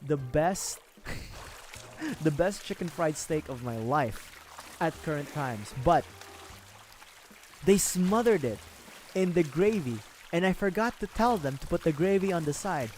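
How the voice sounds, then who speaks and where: A man's voice: a little high, lively intonation, unhurried, pauses often, a little hiss or hum. A young man streaming, chatting casually and rambling, with frequent laughs. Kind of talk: casual livestream chat.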